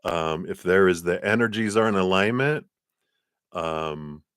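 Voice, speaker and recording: A man with a very low, deep voice talks through a live tarot reading. He is chatty and animated and laughs often. The sound is dry and close, with no room echo. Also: measured pace, clean tone. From lives in Colorado. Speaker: tarot card reader.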